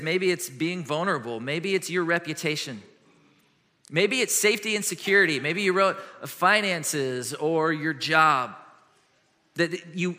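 A middle-aged man preaching a sermon as a pastor, telling stories with lively swings between loud and hushed. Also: fairly high pitch. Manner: animated storytelling with quick shifts from loud to hushed. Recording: long hall reverb.

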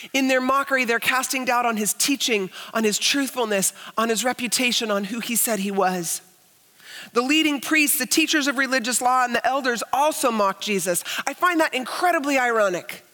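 A woman pastor preaching a sermon earnestly, moving from hushed stretches to emphatic, raised passages. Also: high voice. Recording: long reverb of a large hall.

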